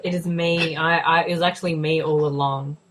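A young woman co-hosting a podcast, teasing and giggly, often excitable. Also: low voice, brisk, noisy background. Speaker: podcast co-host. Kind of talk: casual podcast banter.

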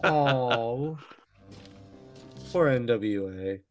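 A man's voice: mid-range voice, lively intonation, extremely slow, faint music behind. A man co-hosting a casual watch-along podcast, making wisecracks. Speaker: podcast co-host.

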